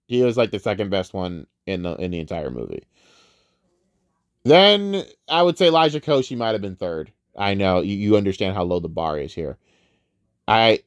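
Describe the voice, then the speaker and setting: A man's voice: mid-range voice, no room sound, clean studio sound. A man giving a casual, profane, rambling film review rant. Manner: profane, rambling, animated ranting. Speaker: movie reviewer.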